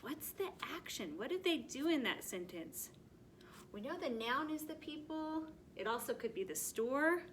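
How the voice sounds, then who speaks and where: A woman teaching a first grade lesson, speaking slowly and clearly in an encouraging teacher's manner. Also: high voice, big pitch swings, fairly bright tone, slight background noise. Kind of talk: recorded classroom lesson.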